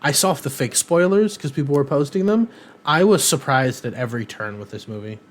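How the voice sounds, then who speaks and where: A man's voice: mid-range voice, expressive, brisk. Rambling man on a podcast. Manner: rambling, many ums and uhs. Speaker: podcast co-host. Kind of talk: casual chat.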